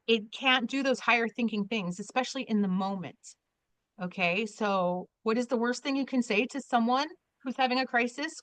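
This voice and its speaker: A woman leading an online workshop over a video call from home, chatty and quick to laugh, with many restarts. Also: on the high side, a bit bright, dry recording. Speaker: trainer.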